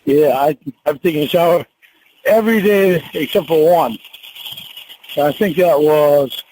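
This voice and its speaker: A man in casual banter with his partner, defensive and quick to laugh things off. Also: fairly high pitch, warm tone, a little hiss or hum, rough recording.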